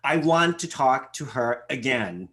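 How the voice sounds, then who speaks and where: Low-voiced gushing woman host. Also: animated, measured pace, a bit bright. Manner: gushing, affectionate, repeats words for emphasis. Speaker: host, pageant vlogger. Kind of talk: casual video-call interview. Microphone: video call.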